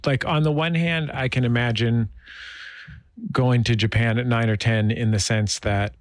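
A man's voice: medium pitch, fairly even intonation, moderate pace, dry recording, studio quality. A man hosting an interview show, chatty and thinking aloud, often asking if you know what he means. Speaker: radio interview host.

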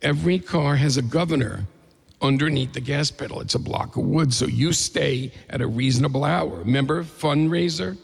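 A man voicing a male co-driver coaching him through a race, gravelly and steady. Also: a little high, normal speed, in a large hall.

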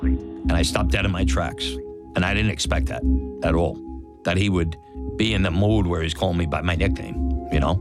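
A man's voice: deep voice, normal speed. A man candidly retelling a memory from his youth, acting out quotes and laughing as he goes. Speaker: storyteller recalling his own experience. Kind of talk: personal storytelling. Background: music.

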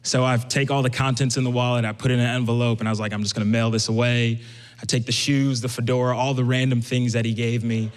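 Speaking at medium pitch, fast and with hardly any pauses, this young man from Brooklyn, USA, shares a personal story live on stage. The hall is echoey, and he animatedly voices the people he quotes in a conversational style.

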